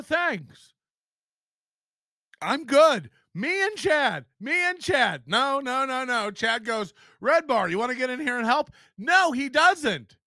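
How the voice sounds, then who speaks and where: A man's voice: very high voice, bright, forceful tone, no echo, studio quality. A man hosting a podcast, ranting in mocking disbelief and laughing often as he reacts to clips. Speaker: podcast host.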